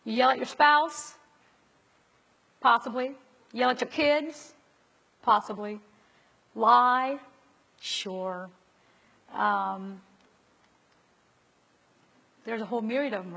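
A woman's voice: high-pitched, vocal fry, a bit bright, breathy edge. A woman preacher giving a conversational sermon and asking her listeners rhetorical questions. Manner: asks the audience rhetorical questions. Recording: long reverb of a large hall.

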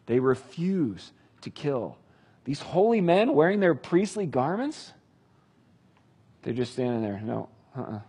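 A man retelling a Bible story with casual, animated commentary. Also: a little high, slow pace, long pauses, breathy edge. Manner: animated, conversational. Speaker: Bible teacher.

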